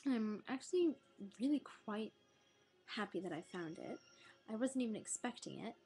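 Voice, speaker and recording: A woman's voice: on the high side, lively intonation, moderate pace, dark tone, husky, rough recording. A woman, tired and rambling, chatting casually before reading a book aloud. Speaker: reader.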